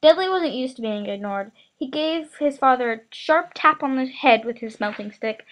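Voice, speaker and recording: A woman reads a novel aloud in a halting, amateur manner. She often trips over words and starts them again. Her voice sits a little high. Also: animated, a bit bright, poor audio. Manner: halting, frequent stumbles and restarts. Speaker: reader.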